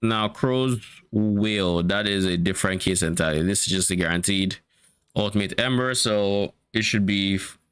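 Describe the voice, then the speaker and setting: A man's voice: fairly low pitch, moderate pace, a bit bright, smooth, dry recording. A man streaming a game, casually thinking aloud about loot and swearing now and then. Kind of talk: casual gameplay commentary.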